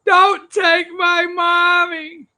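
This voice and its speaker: A man's voice: extremely high pitch, level tone, very slow, bright, forceful tone, pitched above the performer's own voice, heavily acted. A man mimicking a crying little girl who pleads for her mother in a tearful whine. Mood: pleading.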